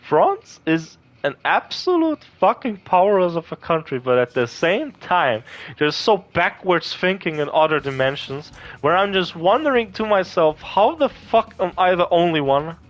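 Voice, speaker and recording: A young man with a slightly high voice, swearing freely as he rambles through a heated rant. His talk is casual and profane, with faint game music playing underneath. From Germany. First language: German. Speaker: gaming video creator. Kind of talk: casual rant over gameplay.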